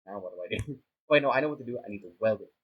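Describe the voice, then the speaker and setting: A man's voice: lowish voice, expressive, rapid-fire, breathy edge, lo-fi sound. A young man giving casual, self-mocking commentary on a sandbox building game, flustered and rambling as he fumbles along. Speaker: gaming YouTuber.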